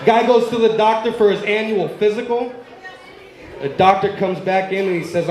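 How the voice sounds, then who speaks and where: Guy doing stand-up jokes back to back, high voice, teases the crowd, echoey club. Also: darkish tone. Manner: rapid-fire punchline delivery, ribbing the audience. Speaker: stand-up comedian. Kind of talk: stand-up joke telling.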